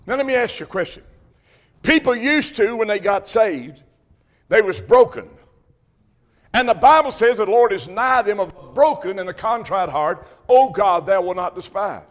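Preacher, man, high-pitched, fervent and repetitive, pulpit sermon. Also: lively intonation, moderate pace. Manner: emphatic, repetitive, rising to shouts. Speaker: Baptist preacher.

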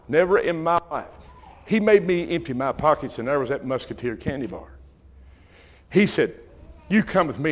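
An older Southern man preaches in a folksy, animated storytelling style. His voice sits a little high for a man, and he keeps calling out to the congregation as he goes. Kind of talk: sermon storytelling.

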